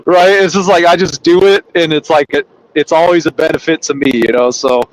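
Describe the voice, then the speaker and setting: A man's voice: on the high side, fairly even intonation, fairly quick, low-quality recording. A young man chatting casually on a podcast, telling rambling, profane stories and laughing as he goes. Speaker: podcast co-host, trucker. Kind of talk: casual chat.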